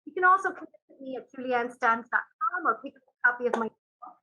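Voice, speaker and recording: A woman's voice: high voice, animated, fast, pushed and bright, breathy edge, muffled recording. An Irish woman, a guest author, explaining customs and history in a storytelling way during an interview. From Ireland. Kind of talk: interview answers.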